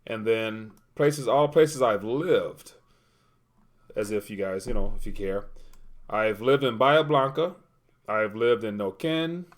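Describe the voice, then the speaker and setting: A man's voice: on the low side, expressive, takes it slowly. A man hosting a casual livestream, reading viewer comments aloud and rambling while he looks things up. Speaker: livestream host.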